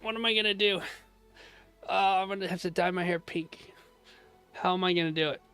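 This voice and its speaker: A man's voice: high voice, fairly even intonation, brisk, fairly bright tone, smooth, faint music behind. A man hosting a casual live stream, chatting and joking with his viewers and thanking them often. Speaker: live-stream trading host.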